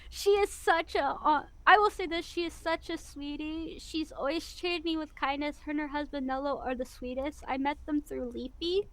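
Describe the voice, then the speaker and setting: Chatty high-voiced woman with a Missouri accent. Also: normal speed, few pauses. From US Midwest. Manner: chatty, rambling, animated. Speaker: guest VTuber. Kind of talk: casual interview chat.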